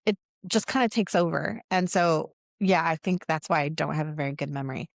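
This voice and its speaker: A woman co-hosting a casual spiritual podcast, telling stories in an animated way and acting out the quotes. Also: sits low, a little fast, creaky, dry recording, studio quality. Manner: animated storyteller, acts out quotes, laughs often. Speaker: podcast co-host.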